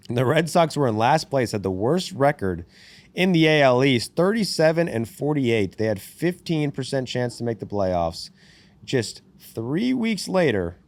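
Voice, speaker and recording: A man hosting a casual sports podcast, reading out stats and trading sarcastic jabs, swearing freely. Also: medium pitch. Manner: reads out stats with animated delivery. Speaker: podcast host.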